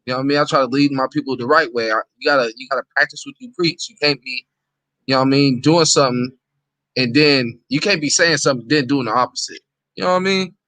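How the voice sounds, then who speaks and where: A man talking casually in a conversation, animated and repetitive with street slang. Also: mid-range voice, fast, no room sound.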